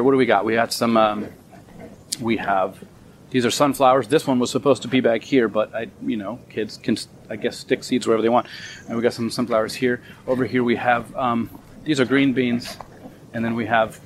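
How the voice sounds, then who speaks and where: A man giving a relaxed, conversational sermon outdoors in a small garden, thinking aloud as he teaches. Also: mid-range voice, slight background noise. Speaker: pastor.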